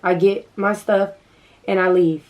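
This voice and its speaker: A young adult woman vlogger telling a casual storytime, animated and acting out the dialogue. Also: mid-range voice, unhurried, recorded from a distance, highs cut off.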